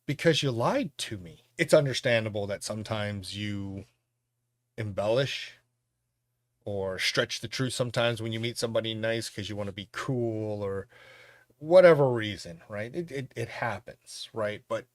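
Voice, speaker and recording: A man hosting a podcast, recapping a film's plot in a casual, animated way and laughing now and then. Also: lowish voice, normal speed, dry recording. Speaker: podcast host reviewing a film.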